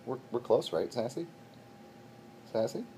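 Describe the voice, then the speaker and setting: A man's voice: low voice, expressive, normal speed, warm tone, slight background noise. A young man hosting his show, telling a rambling comic story with self-deprecating asides to a silent companion. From Baltimore, USA. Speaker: show host.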